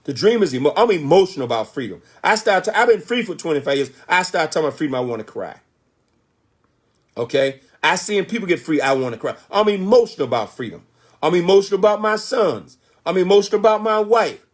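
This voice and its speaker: Sing-song, fast, and high, the voice belongs to an older motivational speaker delivering an emphatic talk. He asks himself rhetorical questions and supplies the answers, frequently tossing in "Okay?" checks.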